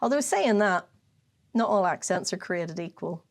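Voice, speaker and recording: A woman from Northern Ireland with a Northern Irish accent, co-hosting a casual whiskey podcast chat in an animated, emphatic, sweary way. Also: fairly low pitch, moderate pace. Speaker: podcast co-host.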